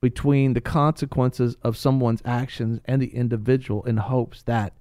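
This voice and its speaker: A middle-aged man hosting a Christian radio talk show, animated and joking with his co-hosts. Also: mid-range voice, normal speed, no echo, clean studio sound. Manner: animated, joking, shifts into a hushed dramatic reading. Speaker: radio host. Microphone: studio microphone.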